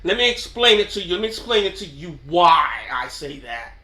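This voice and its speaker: High, bright-voiced New man rambling. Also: very animated, normal speed, echoey room. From New York. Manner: slangy, rambling, keeps asking "you know what I'm saying". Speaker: channel host. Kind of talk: casual off-the-cuff commentary.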